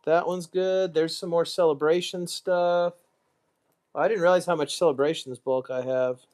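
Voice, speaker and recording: A man hosting a casual live stream, muttering to himself while sorting items and throwing quick asides to the chat. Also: on the high side, fairly even intonation, darkish tone.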